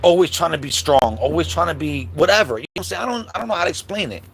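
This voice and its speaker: A man hosting a livestream, telling a childhood story in a casual, animated way and acting out the quotes, with many asides to the listeners. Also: fairly high pitch, racing, gravelly, husky. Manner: animated storyteller, acts out quotes, many "you know what I'm saying" asides. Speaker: host. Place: livestream setup.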